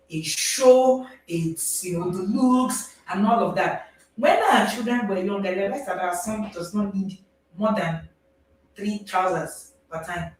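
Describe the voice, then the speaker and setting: A woman with a Nigerian accent, a parenting coach speaking to a live audience in an animated way, often laughing and checking in with listeners. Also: mid-range voice. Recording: very echoey, distant mic.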